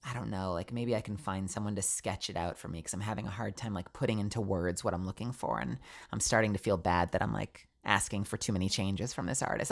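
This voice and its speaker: Talking at a quick clip in a bass voice, a young woman streams as a VTuber with a stuffy nose. The chat is casual and lively, wandering from point to point and packed with "like."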